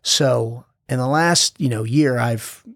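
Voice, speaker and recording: A man's voice: mid-range voice, slow pace, fairly bright tone, no room sound, studio quality. A man who is a former military operator, talking candidly as a podcast guest, intense and blunt, swearing freely and often restarting his sentences. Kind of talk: candid conversational interview.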